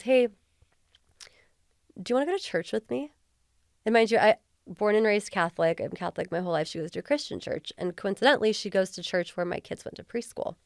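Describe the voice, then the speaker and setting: Earnest woman, lowish voice, dry sound. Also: no echo. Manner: earnest and heartfelt, filler-heavy. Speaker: podcast guest, former police officer. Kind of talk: candid interview conversation.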